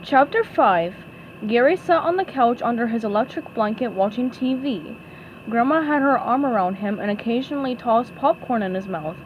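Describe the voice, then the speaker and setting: Animated woman reading a storybook. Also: on the high side, normal speed, muffled recording, a little hiss or hum. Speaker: storybook reader. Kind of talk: storybook read-aloud narration.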